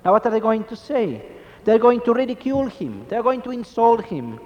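High-voiced preacher with lively swings. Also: male voice, normal speed, in a large hall, muffled recording. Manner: emphatic, with rhetorical questions. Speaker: Catholic preacher. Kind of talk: sermon.

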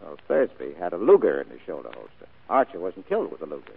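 An actor playing a hard-boiled private detective in a vintage radio drama, terse and dryly wisecracking. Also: male voice, extremely low pitch, wildly swooping pitch, fast talker, gravelly, husky, heavily acted. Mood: dry, wry. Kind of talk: 1940s radio acting. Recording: tinny old radio broadcast recording.

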